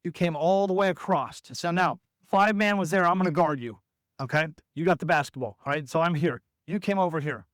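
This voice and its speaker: High-voiced man coaching basketball drills. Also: a little fast, a bit bright, no room sound, clean studio sound. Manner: instructive, calls out drills, acts out player calls. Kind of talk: coaching at practice.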